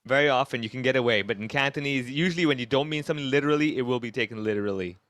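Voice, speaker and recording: Comedian guy on a video call, animated, jumps way up when he mimics people, dry sound. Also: very fast, no echo. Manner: animated, acts out quoted voices with big pitch jumps. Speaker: comedian guest. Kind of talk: conversational interview answers.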